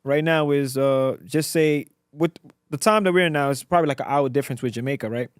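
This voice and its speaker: A man from Africa, a guest entrepreneur in a casual podcast interview, telling stories in a slangy, animated way with lots of repetition. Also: mid-range voice, brisk, clear, resonant tone, dry recording, clean studio sound.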